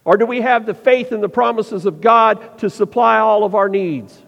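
High-voiced preacher in a reverberant hall. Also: male voice, vocal fry, fairly bright tone. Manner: preaching with rhetorical questions and slowed emphasis. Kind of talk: sermon. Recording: dull sound with long reverb.

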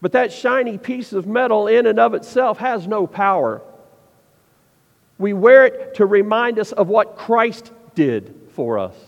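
High-voiced preacher in a reverberant hall. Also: male voice, expressive, creaky. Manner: preaching with rhetorical questions and slowed emphasis. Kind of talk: sermon. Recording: dull sound with long reverb.

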